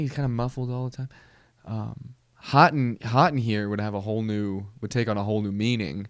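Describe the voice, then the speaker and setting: A man hosting a comedy podcast, talking in a rambling, deadpan way with many restarts. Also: fairly low pitch, moderate pace, no room sound. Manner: rambling, self-interrupting, deadpan. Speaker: podcast host. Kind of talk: comedic monologue.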